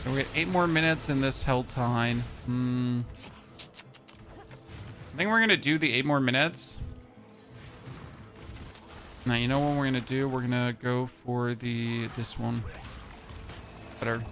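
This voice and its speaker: A man's voice: mid-range voice, measured pace, long pauses, a bit bright. A man in his thirties with a German accent, chatting casually and joking with his chat while streaming a game. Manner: chatty, jokey, answers chat. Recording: music playing behind.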